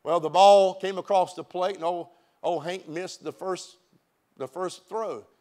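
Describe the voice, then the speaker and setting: A man's voice: high-pitched, fairly even intonation, unhurried, a little mellow. A man, a pastor preaching an emphatic sermon in a church and often repeating his words. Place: church sanctuary.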